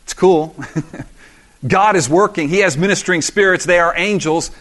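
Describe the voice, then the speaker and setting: High-voiced animated preacher man. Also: moderate pace. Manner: animated, acts out voices of the story. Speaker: pastor. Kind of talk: sermon. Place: church in South Florida.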